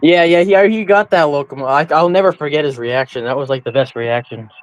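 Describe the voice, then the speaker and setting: A man's voice: on the high side, fairly quick, clear, resonant tone, rough recording. A young man filling in as host of a casual chat show, laughing often as he talks. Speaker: stand-in host.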